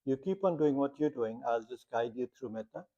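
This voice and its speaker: A man's voice: mid-range voice, expressive, fairly quick, dark tone. A man teaching a meditation class, talking plainly with lots of rhetorical questions and short stories. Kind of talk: guiding a meditation talk. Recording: muffled lo-fi sound.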